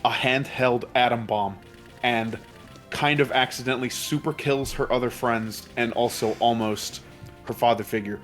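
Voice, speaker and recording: Over soft background music, a man hosts a let's play, recapping a plot with his friends in a rambling, profane, casual way. His voice is medium-pitched and fairly bright, with fairly even intonation at a normal speed.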